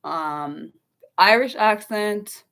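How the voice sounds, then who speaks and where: A woman's voice: medium pitch, very slow, creaky, a bit bright. A young woman from the United States hosting an unscripted livestream, rambling casually to her chat with many ums and restarts. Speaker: livestream host.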